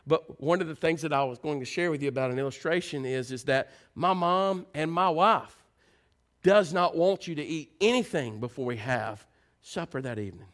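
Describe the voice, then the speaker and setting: A man preaching a sermon, telling homey stories and slipping into soft, low, prayerful tones. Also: normal speed. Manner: folksy storytelling, swings loud and high into playful mimicry. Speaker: pastor.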